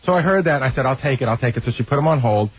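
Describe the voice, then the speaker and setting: A man on a radio show rattles off stories fast in casual banter. His voice is a bit high and husky. It comes through narrow and tinny, like a phone line. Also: animated. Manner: rapid storytelling.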